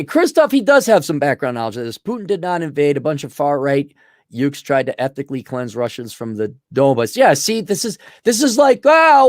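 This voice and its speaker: A man's voice: mid-range voice, darkish tone, dry recording, studio quality. A middle-aged man hosting a casual opinion podcast, talking in a sarcastic way and jumping into mocking voices. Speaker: podcast host.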